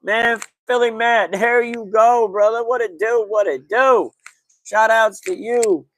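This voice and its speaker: A man's voice: high voice, unhurried, a bit bright, poor audio. A man hosting a casual livestream sports talk podcast, chatting loosely in slang and greeting viewers by name. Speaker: podcast host.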